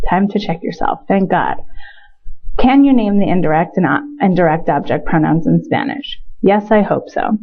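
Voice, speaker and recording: A woman teaching a recorded Spanish grammar lesson in a chatty way, repeating words for emphasis. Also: medium pitch. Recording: tinny phone-like sound.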